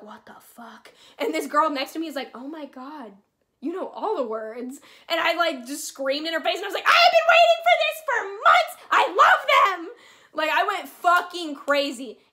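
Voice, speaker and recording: A young woman telling a rambling, excitable concert story to camera, swearing freely. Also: high voice. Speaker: vlogger. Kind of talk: casual storytelling.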